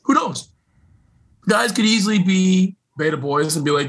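A man co-hosting a casual sports podcast, a former college football player who talks in an animated, emphatic, slangy way. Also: high voice, normal speed, rough recording.

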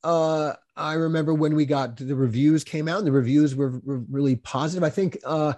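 An older man, a producer, reminiscing casually with many halting restarts. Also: a little high, fairly even intonation, darkish tone.

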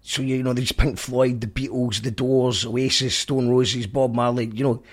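A man's voice: mid-range voice, level tone, normal speed. A Scottish man hosting a podcast, chatting casually in a rambling, jokey way. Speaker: podcast host. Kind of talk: casual monologue recap.

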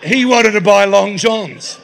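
A man's voice: sits high, slow, vocal fry, a bit bright. A man preaching in a church, mixing jokey anecdotes with sermon points. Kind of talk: humorous sermon storytelling. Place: church hall.

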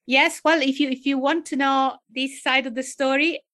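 Older woman, guest psychiatrist, chatty storyteller, higher pitch, bright tone, video call from home. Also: steady tone, moderate pace. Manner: chatty, storytelling, laughs easily. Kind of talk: interview conversation. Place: home, pets behind.

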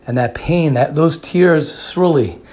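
A man's voice: on the high side, takes it slowly, darkish tone. A man giving a sermon who repeats phrases for emphasis and often restarts his sentences. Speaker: religious speaker.

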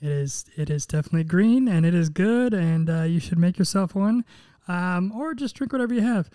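Laid back guy with a real high voice, jokey podcast cohost, dry sound. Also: fairly quick, clear, resonant tone, no echo. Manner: relaxed, joking, lots of ums and uhs. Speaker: podcast co-host. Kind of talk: casual chat. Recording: dry close-mic sound.

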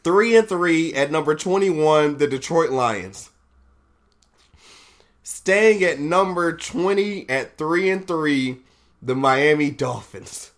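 A man hosting a casual podcast, reading a sports ranking list out loud and laughing and swearing at the results. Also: fairly high pitch, animated, slow pace. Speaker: podcast host.

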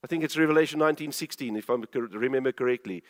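A man's voice: mid-range voice, rapid-fire. A man preaching a sermon, emphatic and full of rhetorical questions, urging his listeners to pay attention. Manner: urges listeners to pay attention, repeating himself. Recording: long reverb of a large hall.

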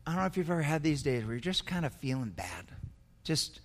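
An older man with a fairly high voice preaches a sermon, his words ringing in a long-echoing hall. He tells a personal story earnestly and with feeling, often repeating himself as he builds. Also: big pitch swings, brisk. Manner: earnest, emotional storytelling with repetitions. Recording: echoey hall.

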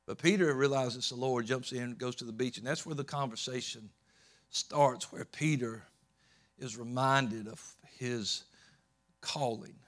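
A man preaching a sermon, swinging between loud emphatic peaks and low soft storytelling, often repeating words and restarting. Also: unhurried. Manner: rising to loud emphatic peaks, then dropping low and soft while retelling scripture.

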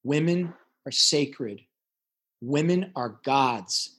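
A man's voice: mid-range voice, expressive, drawn-out words, fairly bright tone, breathy edge. A middle-aged man as a podcast guest, talking intensely and emphatically about hard experiences, often repeating words as he gets worked up. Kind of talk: emotional interview talk.

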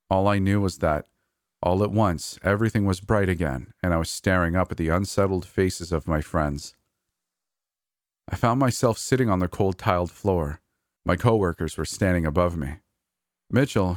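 A man reading a first-person horror story aloud in a measured, steady way. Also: sits low, dry recording, clean studio sound. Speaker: narrator. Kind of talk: scripted horror story narration.

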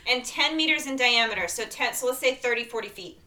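A woman's voice: fairly high pitch, expressive, fast talker, sharp tone. A woman co-hosting a podcast who tells a story in a chatty way, with playful asides. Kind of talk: casual chat.

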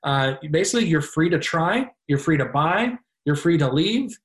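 A man with a somewhat high-pitched voice talks through his ideas in a relaxed political discussion. He explains step by step and leans on fillers as he builds each point. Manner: measured, explanatory, filler-heavy. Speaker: guest.

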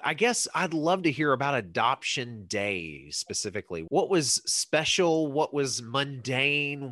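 A man's voice: medium pitch, sing-song, a little slow, few pauses, a bit bright, dry recording, studio quality. A man hosting an interview, asking thoughtful questions and affirming his guest. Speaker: podcast host.

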